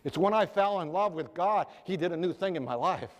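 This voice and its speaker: Earnest male preacher with a high voice, heard with long hall reverb. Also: animated, fairly quick. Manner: earnest, rhetorical questions to the audience. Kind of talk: sermon.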